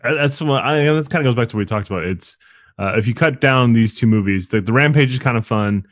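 Man, podcast co-host, wry deadpan asides, rambling, dry close mic. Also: mid-range voice, quick pace, dry recording. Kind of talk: casual movie chat.

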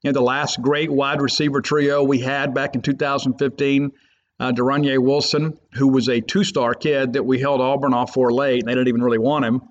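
A man's voice: mid-range voice, little pitch movement, fairly quick. A man hosting a sports podcast, talking in an emphatic, rambling way. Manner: emphatic, rambling, fan loyalist. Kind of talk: opinionated sports talk. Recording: muffled lo-fi podcast audio.

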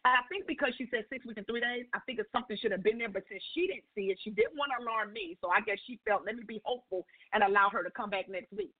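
Woman guest, animated testimony teller who voices every quoted line; high-ish voice, tinny phone call. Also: fast talker, few pauses, dry recording. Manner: lively storyteller acting out dialogue. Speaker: guest on call-in radio show. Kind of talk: personal testimony storytelling.

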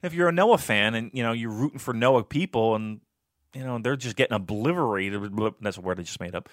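A man tells casual stories in a podcast chat, animated, brisk, and swearing, often jumping into a high voice to quote people. The sound is studio quality with no echo.

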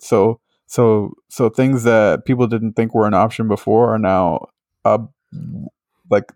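Rambling man hosting a casual podcast, lowish voice, cusses a lot, dry close mic. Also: darkish tone, dry recording. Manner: rambling, swears freely, lots of fillers. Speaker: podcast host. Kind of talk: casual chat.

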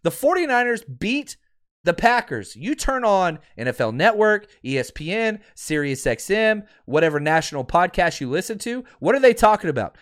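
Male podcast host in his thirties, high and lively voice, sarcastic fired-up fan rant. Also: moderate pace, smooth. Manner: heated, sarcastic ranting with mocking quotes; calms to a quieter, lower promo pitch.

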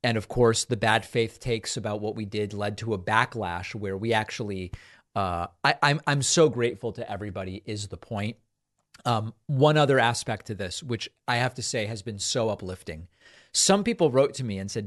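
A man hosting a political talk show, speaking in an animated, conversational monologue with frequent restarts. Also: lowish voice, normal speed. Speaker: host.

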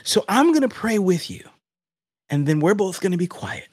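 Man, high voice, animated faith talk, emphatic preaching, dry close sound. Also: normal speed, slightly rough, no echo. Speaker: podcast host.

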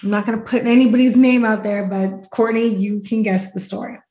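A woman hosting a podcast, chatting casually and telling stories with lively acted-out quotes. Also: a little high, a little fast, reverberant, low-quality recording. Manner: animated storyteller, acts out quotes. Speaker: podcast host. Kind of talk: casual chat.

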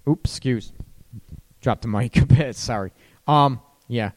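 In a mid-range voice, a man offers listeners casual relationship advice, speaking unhurriedly with long pauses. He's chatty and loose, keeps tossing in "right?", and laughs at his own points.

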